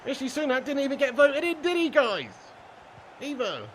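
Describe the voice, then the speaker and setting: A man's voice: very high voice, very animated, normal speed, a bit bright, a little hiss or hum. A young British man streaming a football game live, ranting and swearing at length and laughing often between comments. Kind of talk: casual live-stream rant.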